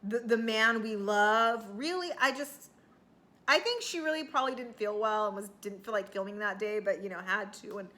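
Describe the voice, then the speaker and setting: A woman's voice: medium pitch, moderate pace, sharp tone. A woman recapping a reality TV show in a chatty, sarcastic, rambling way, with plenty of fillers and the odd swear word. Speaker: TV recap vlogger.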